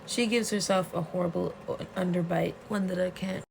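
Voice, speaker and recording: A woman vlogger in a casual, excitable rant, retelling a webcomic plot with plenty of swearing and outbursts. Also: lowish voice, moderate pace, vocal fry, noisy background. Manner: excitable and profane, storytelling with gasps and outbursts.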